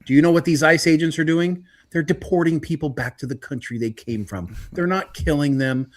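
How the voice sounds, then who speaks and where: A man's voice: a little high, brisk. A man co-hosting a political podcast, ranting in a heated way and lecturing listeners directly. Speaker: podcast co-host. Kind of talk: casual political chat.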